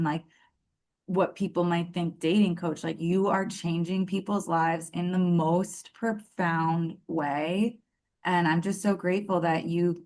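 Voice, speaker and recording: A woman in her thirties, a podcast guest and former coaching client, talking casually in a rambling, earnest way with lots of "like" and restarts. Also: lowish voice. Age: 30s. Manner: rambling, filler-heavy, earnest.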